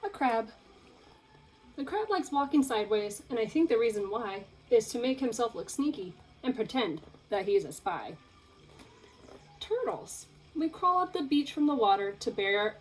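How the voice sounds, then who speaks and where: A young woman teacher reading a picture book aloud to children, in an expressive, playful storytelling way. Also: fairly high pitch, rough recording.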